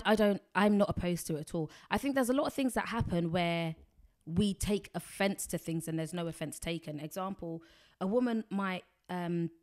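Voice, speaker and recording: A woman, chatting frankly and bluntly as a podcast guest. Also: fairly low pitch. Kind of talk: casual chat.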